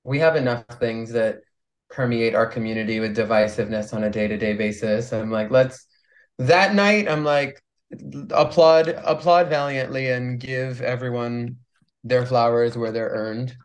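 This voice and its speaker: A man's voice: medium pitch, normal speed. A man guesting on a podcast who talks earnestly and thoughtfully about performing. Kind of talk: casual chat.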